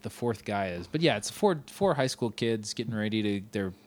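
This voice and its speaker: A man's voice: fairly low pitch, animated, moderate pace. A young man hosting a podcast, chatting casually and enthusiastically with frequent rambling asides. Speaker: podcast host. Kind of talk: casual chat.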